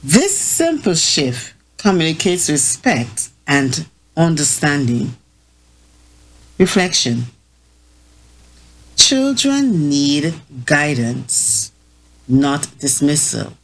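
A woman hosting a talk on parenting, reading prepared remarks in a measured way and sometimes correcting herself. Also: low voice, very animated, rough recording. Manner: slow, measured, with self-corrections. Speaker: host.

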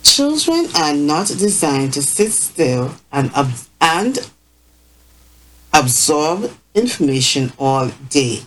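A woman hosting a talk on parenting, reading prepared remarks in a measured way and sometimes correcting herself. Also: low-pitched, poor audio. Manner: slow, measured, with self-corrections. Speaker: host.

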